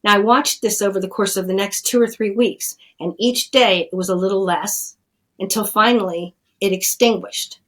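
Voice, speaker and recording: A woman's voice: medium pitch, steady tone, normal speed, fairly bright tone, poor audio. A middle-aged woman scientist telling her story in a plainspoken, earnest way during an interview. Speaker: addiction scientist, guest. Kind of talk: conversational storytelling.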